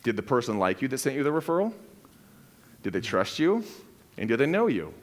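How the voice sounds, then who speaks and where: A man's voice: mid-range voice, big pitch swings, brisk. Man quizzing a seminar audience. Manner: direct, asks the audience questions. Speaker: real estate agent on a panel. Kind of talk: live seminar teaching.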